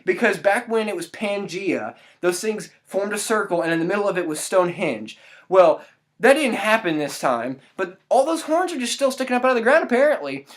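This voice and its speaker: A woman's voice: mid-range voice, animated, fairly quick. A woman giving a casual spoken movie review, ranting in exasperation with exclamatory asides.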